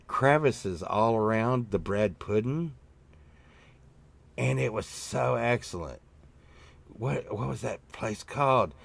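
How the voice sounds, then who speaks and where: A man with a fairly low voice hosts a loose, chatty show. He rambles from story to story, full of fillers and restarts, throws in a curse here and there, and bumps his voice up when he acts out what he said back then. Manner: meandering storytelling with swearing and many fillers; acts out his own past remarks in a raised voice. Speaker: host. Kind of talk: casual rambling chat.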